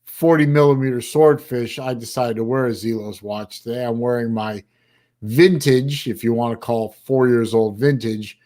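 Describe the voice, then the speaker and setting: At a moderate pace, an older Florida livestream host speaks in a dark, medium-pitched voice with fairly even intonation. The casual chat is rambling and full of fillers, and he sounds tired and yawns.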